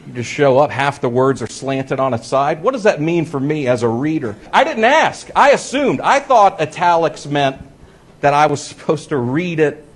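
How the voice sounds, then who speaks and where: A man telling a stand-up comedy story in an animated way, laughing through his lines, from a played clip. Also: a little high, normal speed. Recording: loud crowd and noise, played clip.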